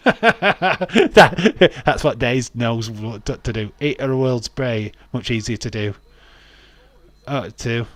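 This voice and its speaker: A man's voice: mid-range voice, no echo. A man hosting a casual wrestling watch-along stream, rambling, laughing often and reading out viewer comments.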